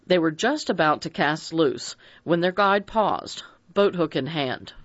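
A narrator reading a mystery novel aloud in an expressive, dramatic audiobook style. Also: medium pitch, measured pace, dry recording. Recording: dry dull lo-fi recording.

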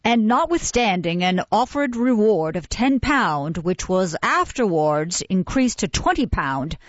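A woman's voice: medium pitch, very animated, measured pace, no room sound, muffled recording. A woman reading aloud, voicing a pompous, self-important male parish official who loves his own oratory. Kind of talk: audiobook character reading.

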